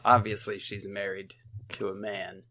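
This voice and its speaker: A man co-hosting a podcast, chatting casually in a quiet way and making puns. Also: on the low side, completely flat delivery, a little slow, vocal fry. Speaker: podcast co-host. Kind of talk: casual chat.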